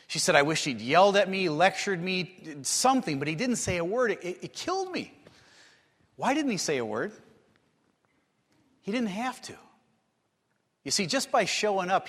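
A man preaching a sermon, telling stories and acting out the people in them, building to excited, animated stretches. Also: fairly high pitch. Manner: storytelling, acts out quotes, rises to excited bursts. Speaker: pastor. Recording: long hall reverb.

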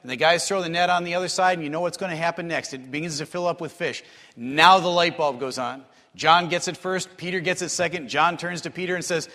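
A man preaching a sermon, telling stories and acting out the people in them, building to excited, animated stretches. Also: on the high side, brisk. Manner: storytelling, acts out quotes, rises to excited bursts. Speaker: pastor. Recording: long hall reverb.

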